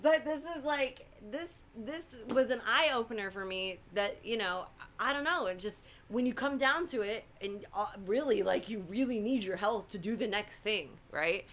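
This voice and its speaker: A bright, forceful voice of a middle-aged woman, co-hosting a casual live stream. She tells a personal story with lots of energy and acts out other people's lines as she goes. Her voice sits a little high for a woman. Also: normal speed, hardly any pauses, slight background noise. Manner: animated storytelling, acts out quotes. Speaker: co-host.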